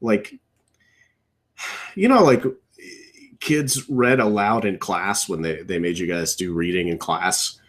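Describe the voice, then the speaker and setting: A young man co-hosting a podcast from his computer at home, riffing in casual chat with strong opinions and rambling asides that trail off low. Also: takes it slowly, long pauses. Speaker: podcast co-host. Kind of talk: casual wrestling riff commentary.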